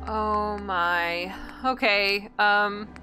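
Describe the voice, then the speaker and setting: Bright-voiced woman musing through gameplay. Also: mid-range voice, fairly even intonation, very slow, soft background music. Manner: chatty, thinking aloud, indecisive. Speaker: gameplay video host. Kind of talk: casual let's-play commentary.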